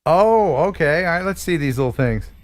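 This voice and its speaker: A man's voice: fairly high pitch, animated, a little fast. A man hosting a casual live stream, exclaiming and laughing often as he chats. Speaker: host.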